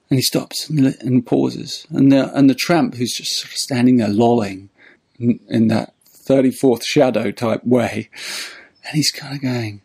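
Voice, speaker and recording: A man, a spiritual teacher, telling a story in a relaxed, meandering way with frequent restarts. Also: medium pitch, moderate pace, gravelly, slightly rough. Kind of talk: storytelling talk.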